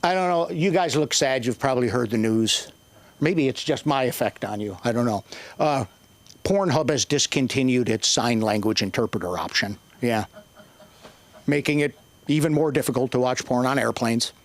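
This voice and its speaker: Older man doing gravelly stand-up. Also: medium pitch, lively intonation, moderate pace. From Northern Ireland. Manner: profane, rambling, shouting bursts. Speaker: stand-up comedian. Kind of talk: open mic stand-up.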